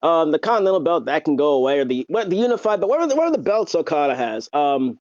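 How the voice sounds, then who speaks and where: Guy rambling about wrestling on a podcast, kinda high voice, dull muffled dry audio, lots of ums. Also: quick pace, dry recording. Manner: rambling, filler-heavy, excitable. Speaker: podcast co-host. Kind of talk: casual wrestling chat.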